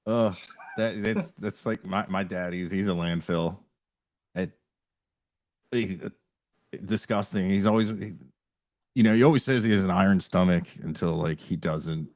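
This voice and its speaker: A man on a podcast telling stories in an animated way, acting out what other people said and often laughing along. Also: deep voice, moderate pace, long pauses. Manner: animated storyteller, quotes people in acted voices, laughs often. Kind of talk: casual chat.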